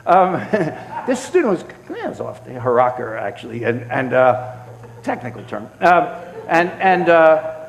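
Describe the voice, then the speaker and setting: A man's voice: medium pitch, unhurried, creaky, highs cut off. A man answering audience questions at a synagogue award event, telling stories in a loose conversational way with many restarts and acted-out quotes. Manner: animated storyteller, acts out quotes, frequent restarts. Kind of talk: conversational Q&A talk. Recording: reverberant hall.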